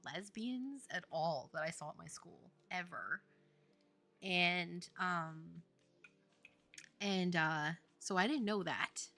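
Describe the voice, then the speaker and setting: Bright-voiced chatty woman streamer. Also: on the low side, slow, faint music behind. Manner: chatty, laughing often, many fillers. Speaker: game developer streaming. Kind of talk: casual chat.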